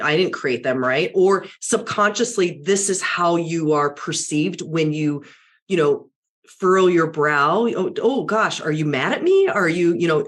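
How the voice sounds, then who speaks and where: A middle-aged woman, a media and public speaking coach, with a deep barky voice, talking animatedly in a casual interview. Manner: animated, self-correcting, acts out client quotes.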